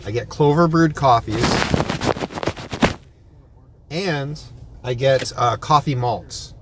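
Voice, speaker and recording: A man's voice: mid-range voice, slow pace. Everyday male rideshare vlogger, rambling storyteller, noisy phone recording with car sounds. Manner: rambling storytelling with many restarts. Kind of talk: casual chat. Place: in a car and at a sandwich shop.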